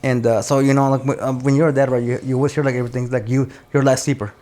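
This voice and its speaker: This podcast host talks in rapid-fire bursts at a medium pitch, animatedly telling a story in a casual chat. He curses a lot, drops in Spanish words, and keeps calling people "dude" and "bro."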